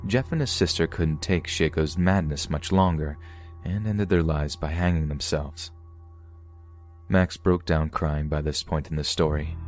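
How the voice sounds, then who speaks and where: A man reading true scary stories aloud in a steady, measured narration. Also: very deep voice. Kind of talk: scripted horror story narration.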